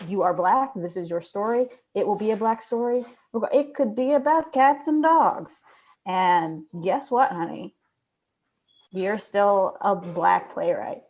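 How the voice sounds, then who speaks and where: A woman panelist who speaks emphatically and encouragingly to her listeners. Her voice sits at a plain middle pitch. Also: darkish tone. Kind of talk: panel discussion.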